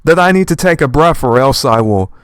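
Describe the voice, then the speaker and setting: A young man with a slight lisp talks fast and passionately, slipping old-fashioned verb endings into his rambling commentary. His voice sits at an ordinary middle pitch. The recording is close and dry, with no room sound. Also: smooth, no echo. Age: young adult. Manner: animated, fast and passionate talker. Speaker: channel host reading a manga aloud. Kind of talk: rambling commentary while reading aloud.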